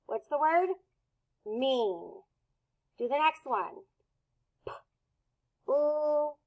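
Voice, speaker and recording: A woman teaching a recorded phonics and reading lesson for young children, sounding out letters slowly and deliberately. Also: high-pitched, expressive, darkish tone, rough recording.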